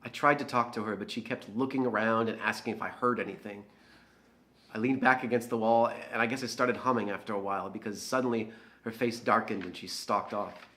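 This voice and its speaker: In an audio drama monologue, an actor plays a bitter, jealous young man who has been drinking and is confessing. His voice is on the low side with a steady tone, a little fast, pushed and bright, and the delivery is sullen and defensive.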